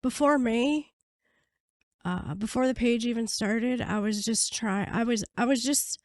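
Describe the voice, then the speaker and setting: A woman guest on a podcast, telling her story bluntly and swearing freely, her voice going hoarse. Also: a little high, measured pace, a little mellow, no room sound, clean studio sound. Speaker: podcast guest, prisoner advocate. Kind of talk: candid storytelling interview.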